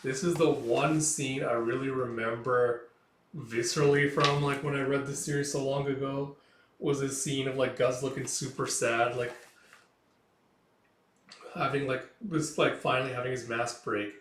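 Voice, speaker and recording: A man's voice: mid-range voice, little pitch movement, normal speed, fairly bright tone, a little hiss or hum. Casual man narrating a comic. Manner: casual, many fillers, reacts aloud. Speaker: manga read-along host. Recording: roomy echo, distant mic.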